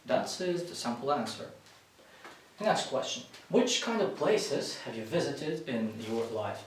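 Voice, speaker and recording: A man's voice: mid-range voice, very animated, unhurried. Russian-speaking guy coaching for an english speaking test, lots of restarts, faint hiss behind. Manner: instructive, with frequent restarts and self-corrections. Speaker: English exam tutor. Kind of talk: spoken exam-prep lesson. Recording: very echoey room, far from the mic, faint hiss.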